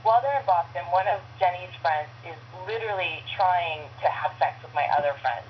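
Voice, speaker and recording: A woman's voice: on the low side, fairly quick, slight background noise. A woman voice actress chatting as a guest, telling stories animatedly over a speakerphone. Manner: animated storyteller, many fillers. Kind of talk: casual phone chat. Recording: dull speakerphone line.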